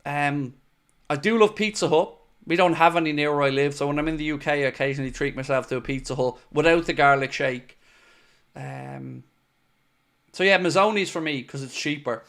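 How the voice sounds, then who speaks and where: A young Irish man hosting a live football fan stream, chatting casually and reading comments with animated, playfully defiant energy. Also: fairly high pitch, a little fast. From Ireland. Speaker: fan channel host reading live chat.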